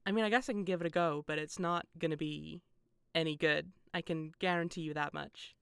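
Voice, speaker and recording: Bright, crisp British woman streamer. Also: deep voice, steady tone, fairly quick, no echo, studio quality. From Britain. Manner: rambling, self-deprecating, laughs often. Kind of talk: casual gameplay stream chat.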